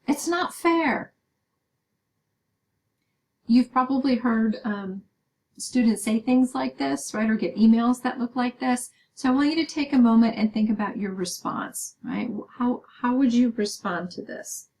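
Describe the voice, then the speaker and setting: A woman's voice: on the high side, moderate pace, warm tone, poor audio. A woman giving a recorded lecture, explaining step by step with many "um"s and "right?" checks. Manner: explaining with frequent "um" and "right?" tag questions.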